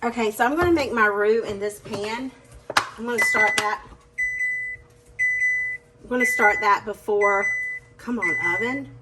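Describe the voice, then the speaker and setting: Medium-pitched and a little slow, with long pauses, a woman chats to her viewers in a casual home-kitchen cooking vlog. The cooking channel host is self-deprecating and talkative. Behind her, pots, pans and whisking can be clearly heard.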